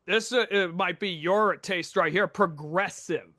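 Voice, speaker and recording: A man's voice: high voice, measured pace, pushed and bright, no echo, clean studio sound. A young man hosting a casual podcast, brash and joking, swearing constantly. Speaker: podcast host. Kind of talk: casual profane podcast chat.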